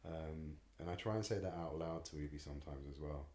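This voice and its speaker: English dad, co-host, slow reflective chat, very low voice, echoey. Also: male voice, dark tone, slight background noise. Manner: reflective, hesitant with many ums. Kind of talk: casual chat.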